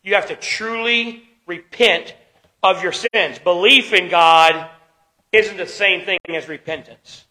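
A man preaching a sermon as pastor, swinging between loud emphatic lines and quiet ones, slowing down to stress key words. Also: high voice, poor audio. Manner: preaching with dramatic shifts in loudness and pace.

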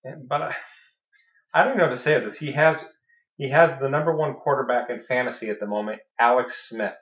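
A man co-hosting a podcast, chatting casually about fantasy football with dry, deadpan teasing. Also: mid-range voice, a little fast. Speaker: podcast co-host. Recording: echoey room, dull lo-fi sound.

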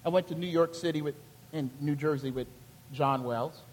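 With a big-room echo around him, a male pastor from Charleston, South Carolina, preaches at a moderate pace. His voice is high, his accent Southern, and his delivery is colloquial and animated, full of storytelling.

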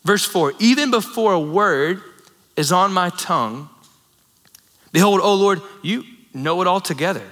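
A man's voice: high voice, expressive, unhurried, pauses often, a bit bright. A man in his thirties preaching a sermon in a conversational, storytelling way, with asides to the congregation. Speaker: pastor. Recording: long reverb in a large hall.

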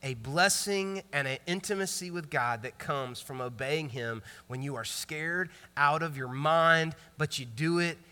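A man in his thirties, a pastor preaching a sermon in a lively, conversational storytelling way. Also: fairly high pitch, unhurried, hardly any pauses, clear, resonant tone. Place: church sanctuary. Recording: long reverb church hall.

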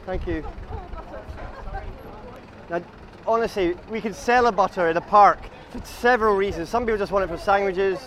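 A man's voice: high voice, moderate pace, long pauses, fairly bright tone, slight background noise. A man leading a walking group outdoors on a city street, telling chatty, absurd comic stories and calling everyone guys. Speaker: comic tour guide.

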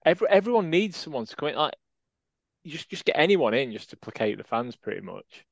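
A man's voice: fairly high pitch, big pitch swings, fast, creaky, dry recording, dull audio. A man chatting on a casual football podcast, rambling wryly through jokes and asides. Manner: wry, rambling banter. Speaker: podcast co-host.

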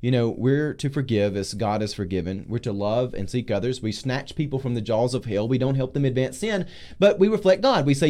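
A pastor talking through scripture in a casual discussion, acting out biblical figures with loud, slow emphasis. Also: male voice, medium pitch. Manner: animated, acts out voices of biblical figures loudly and slowly. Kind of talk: preaching in a casual group discussion.

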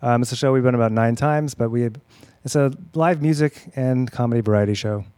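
A man's voice: mid-range voice, brisk, a little mellow, smooth. A man, the creative director of a comedy club, talking up a show in an upbeat, enthusiastic way. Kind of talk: casual podcast chat.

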